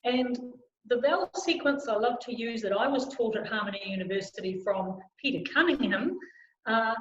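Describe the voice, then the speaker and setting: A woman leading a choir through a vocal warm-up lesson on a video call, encouraging and demonstrating sounds aloud. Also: a little high, lively intonation, moderate pace. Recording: roomy, slightly dull video call audio.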